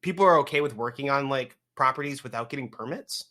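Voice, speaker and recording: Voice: mid-range voice, fast talker, a bit bright. A podcast co-host in casual chat, talking loosely and leaning on "like" as a filler.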